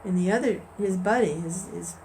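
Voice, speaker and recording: A woman's voice: mid-range voice, normal speed, a little mellow, a little hiss or hum, rough recording. A woman leading an informal spiritual discussion and telling a story in a conversational way, with restarts and chuckles. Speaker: devotional discussion leader.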